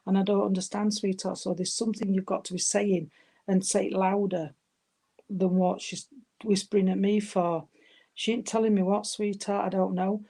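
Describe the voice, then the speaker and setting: A woman's voice: medium pitch, level tone, moderate pace, creaky, dark tone. A woman giving a live mediumship reading, hesitant and affectionate, calling her listeners darling. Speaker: spiritual medium.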